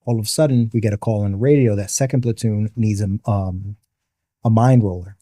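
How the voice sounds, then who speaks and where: A mid-pitched man tells a hard personal story as a podcast guest. His tone is mellow and dark, and the studio sound is dry and close. He takes time to spell out military terms for the listeners. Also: fairly quick, no echo. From the Bronx, New York. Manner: vivid narrator who explains terms patiently.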